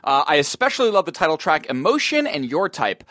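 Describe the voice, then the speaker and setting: A man co-hosting a podcast, with a fairly high voice that swings up and down a lot. He jokes and banters playfully. The studio sound is dry and close. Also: very animated, fairly quick, bright, forceful tone, dry recording. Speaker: podcast co-host. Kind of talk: casual podcast chat.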